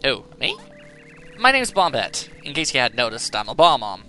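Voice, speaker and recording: A man voicing a perky, strong-willed young female Bob-omb in a video game, raised in pitch and chirpy. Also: very animated, normal speed, bright, forceful tone, soft background music. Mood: eager, chirpy.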